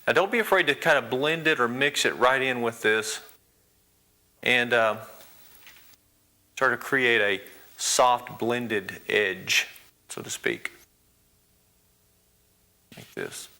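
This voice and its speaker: A man guides viewers through an oil painting in a relaxed, folksy teaching manner. His voice sits at an ordinary pitch with a bright, forward tone. He talks steadily through each stroke, urging students on. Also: slow, pauses often. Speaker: painting instructor. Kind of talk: televised painting lesson.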